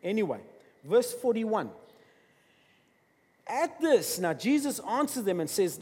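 A man preaching a sermon, emphatic, swinging between loud bursts and quiet asides. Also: sits high, sing-song, slow pace, pauses often, slightly rough. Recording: long reverb of a large hall.

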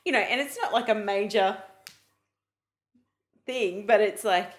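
A woman's voice: medium pitch, unhurried, pauses often. A woman co-host chats casually on a faith podcast. She pokes fun at herself with sarcastic asides. She keeps the tone light and candid. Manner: playful, self-mocking, sarcastic asides. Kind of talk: casual Christian podcast chat.

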